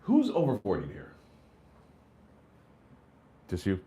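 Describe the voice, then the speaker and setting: Animated, foul-mouthed man doing stand-up. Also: lowish voice, slow. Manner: profane, animated storytelling with lots of "like" and "right?". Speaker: stand-up comedian. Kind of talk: live stand-up set.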